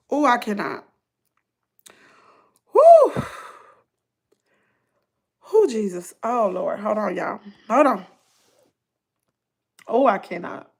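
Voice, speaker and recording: A woman's voice: medium pitch, animated, slow, creaky, pauses often, slightly rough. A woman vlogger with a Southern US accent, chatting casually to her viewers with lots of exclamations and asides.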